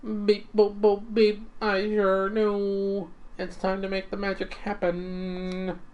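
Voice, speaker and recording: Cheerful beeping robot chef, higher than the reader's own voice, put on by a let's-play streamer. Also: completely flat delivery, slow, darkish tone, muffled recording, natural voice. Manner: sprinkles beeps and boops into speech. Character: upbeat robot chef, cheerful, proud of his cooking. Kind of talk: reading game dialogue aloud.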